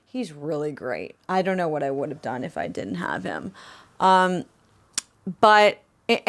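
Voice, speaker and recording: A woman's voice: low voice, very animated, measured pace, gravelly, pauses often, a bit bright. A young woman musician talking candidly in her bedroom for a vlog, chatty and rambling, with frequent fillers and restarts. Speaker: vlogger and musician.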